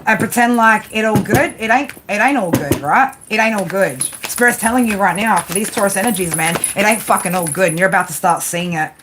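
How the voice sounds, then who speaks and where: A woman's voice: mid-range voice, brisk, few pauses. Blunt, scolding woman tarot reader. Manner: blunt, scolding, heavy swearing, repeats "right?". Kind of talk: profane tarot reading monologue. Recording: home recording with clear background noise.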